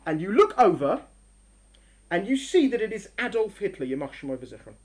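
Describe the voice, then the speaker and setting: Lively woman lecturing. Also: medium pitch, a little fast. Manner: animated storyteller, acts out scenes, restarts often. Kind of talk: religious lecture with story analogies. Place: lecture room with a live audience.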